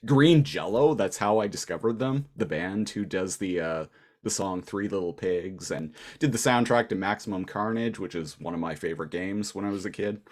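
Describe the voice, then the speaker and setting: A Canadian man co-hosts a podcast with a relaxed, joking manner. His voice sits fairly low. He is heard over a video call. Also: normal speed. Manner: joking, laid-back. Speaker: podcast co-host. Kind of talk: casual chat.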